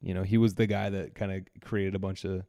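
A man's voice: low voice, little pitch movement, brisk, gravelly, warm tone, no echo, studio quality. A man co-hosting a podcast, telling a story in casual chat, rambling with restarts and frequent laughter. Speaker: podcast co-host.

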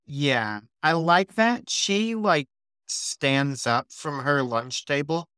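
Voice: medium pitch, expressive, slow pace, fairly bright tone, clear, resonant tone, no room sound, studio quality. A game master narrating a tabletop role-playing scene in a playful, melodramatic way, often saying "like".

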